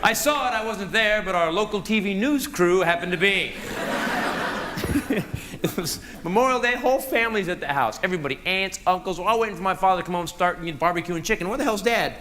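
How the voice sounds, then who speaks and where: Guy doing standup about his family, wry and punchy, high lively voice, loud noisy room. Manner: wry storytelling, quick punchlines. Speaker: stand-up comedian. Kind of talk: stand-up comedy routine. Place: live comedy stage before an audience. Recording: loud noise over live stage audio.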